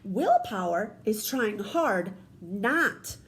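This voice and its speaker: A woman voicing a sensible male frog from a storybook, firm and measured. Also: mid-range voice, big pitch swings. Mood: earnest.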